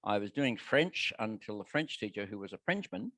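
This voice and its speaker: Wry older man, low voice. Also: sing-song, moderate pace, fairly bright tone, dry recording. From Australia. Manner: wry, self-deprecating storyteller. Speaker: guest speaker. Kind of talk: casual Q&A with anecdotes. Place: city lunchtime meeting room. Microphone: shared handheld mic.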